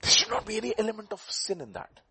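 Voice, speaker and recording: A man's voice: high-pitched, fast, creaky, slight background noise. A man preaching a sermon, asking the congregation questions and telling a folk story to make his point. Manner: animated, rhetorical questions, storytelling.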